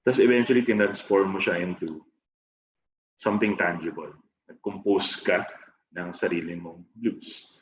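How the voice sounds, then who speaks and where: A man's voice: low voice, steady tone, normal speed. A man with a Filipino accent, a music teacher trainer, explaining a lesson step by step. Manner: explains step by step, chants and sings example words. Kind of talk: teaching a music lesson, Tagalog-English mix. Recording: roomy, dull lo-fi sound with faint noise.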